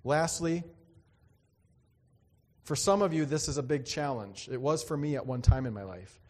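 A man's voice: mid-range voice, moderate pace, a little mellow. A man preaching a sermon, telling a personal story in an earnest, dramatic way and acting out the other voices. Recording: long hall reverb.

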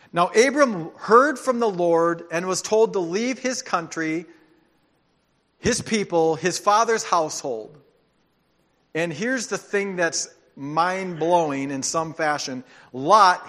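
A man preaching a sermon as pastor, telling stories with animation and dropping into soft, earnest tones. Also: fairly high pitch.

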